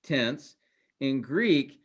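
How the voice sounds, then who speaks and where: A man teaching a class, halting with many fillers and restarts, his voice trailing off quieter at the ends of phrases. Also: medium pitch, lively intonation. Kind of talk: classroom lecture.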